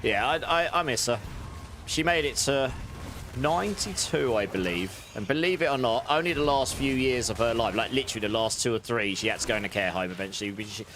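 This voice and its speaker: A man's voice: medium pitch, a little fast, a bit bright, slight background noise. A British man streaming and chatting casually with viewers, in a rambling, friendly way with frequent restarts. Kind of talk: casual livestream chat.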